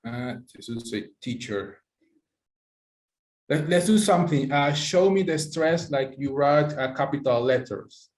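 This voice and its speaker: A man's voice: on the high side, animated, unhurried, darkish tone. A man teaching an online pronunciation class, encouraging students and praising them by name, with slightly non-native phrasing. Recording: echoey room.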